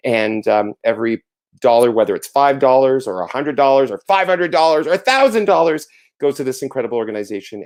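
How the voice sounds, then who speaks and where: A man's voice: medium pitch, darkish tone. Effusive theatrical male livestream host. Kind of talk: casual livestream chat.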